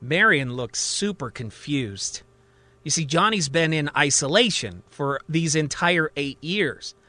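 A man tells a story in a conversational, vivid way. His voice is bright and somewhat high. The sound is dry and close to the mic. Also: expressive, measured pace, no room sound. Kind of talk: storytelling narration.

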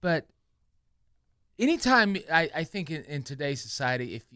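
A man's voice: on the high side, moderate pace, clean tone, dry recording. A man hosting a morning radio show, chatting loosely and laughing often on a studio mic. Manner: rambling, animated, laughs often. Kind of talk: casual radio banter.

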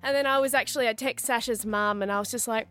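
Brief: young Australian woman radio co-host, high bright-pitched voice, theatrical exclamations, studio mic. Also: fast. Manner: animated, dramatic, acts out her own panic with exclamations. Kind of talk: casual radio banter, storytelling. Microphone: studio microphone.

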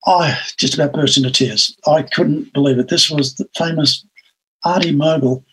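An older Australian man, a guest in an interview, telling long stories with lively acted-out quotes. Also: a little high, moderate pace, slight background noise, poor audio. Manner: animated anecdotal storytelling with acted-out quotes. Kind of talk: storytelling in an interview.

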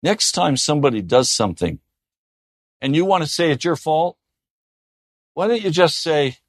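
A man preaching a sermon in an earnest way, often dropping to a soft, gentle tone. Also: a little high, animated, normal speed, no room sound, studio quality. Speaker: pastor.

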